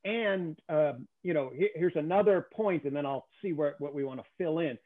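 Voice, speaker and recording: Brief: male guest, slightly high voice, emphatic explainer, thin telephone-like sound. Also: normal speed. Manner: emphatic, keeps checking in with "okay?". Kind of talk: conversational lecture on theory. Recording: tinny phone-like call audio.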